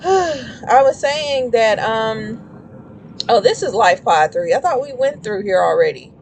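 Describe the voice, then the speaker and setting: A woman's voice: a little high, expressive, measured pace, creaky, a little hiss or hum. A woman chatting casually while streaming a game, rambling and shrieking when startled. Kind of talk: casual gameplay commentary.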